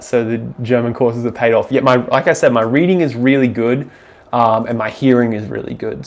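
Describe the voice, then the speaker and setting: A man's voice: mid-range voice, a little mellow. A young Australian man with an Australian accent, casually answering viewer questions on a live stream in a loose, rambling way, full of ums and restarts.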